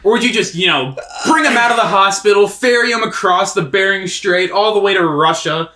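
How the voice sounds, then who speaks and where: A man's voice: high-pitched, a little fast, bright, forceful tone, roomy sound, slight background noise. A man co-hosting a podcast, chatting casually in a jokey, rambling way and laughing often. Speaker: podcast co-host. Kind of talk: casual comedic chat.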